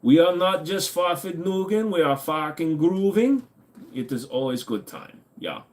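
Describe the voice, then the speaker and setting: A man's voice: a little high, lively intonation, a little slow, pitched above the performer's own voice. A man voicing a smug, stiff German man in a mock German accent, pompous and clipped.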